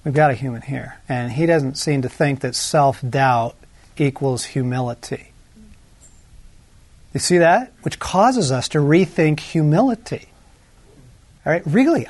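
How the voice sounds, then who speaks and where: A man's voice: on the high side, expressive, a little mellow, breathy edge, no room sound. Conversational male preacher, dry close sound. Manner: conversational, lots of asides and tag questions; shifts between slow emphasis and quick runs. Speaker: pastor. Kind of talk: sermon.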